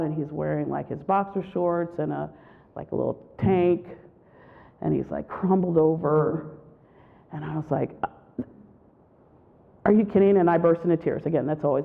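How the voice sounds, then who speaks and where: A woman giving a spiritual retreat talk, telling a personal story with animated storytelling and acting out what people said. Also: low-pitched, normal speed, creaky. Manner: animated storytelling, acts out quotes. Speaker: retreat speaker. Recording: tinny phone-like sound.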